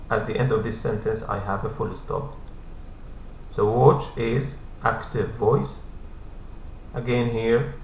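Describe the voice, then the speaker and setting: A man explains English grammar in a patient, repetitive classroom style, with Arabic as his first language. His voice sits at an ordinary middle pitch. He is recorded in an echoey room with a faint hum underneath. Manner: repeats points slowly, patient.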